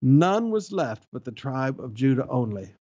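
A man's voice: mid-range voice, very animated, measured pace, mellow. A middle-aged male pastor, preaching an emphatic sermon full of rhetorical questions. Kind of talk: expository sermon. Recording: dull lo-fi sound.

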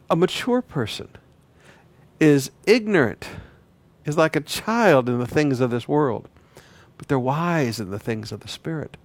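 Man preaching, kinda high voice, repeats himself, goes loud then quiet, dry sound. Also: no echo. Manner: repeats words, swings between loud declaring and quiet emphasis. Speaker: pastor. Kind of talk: sermon.

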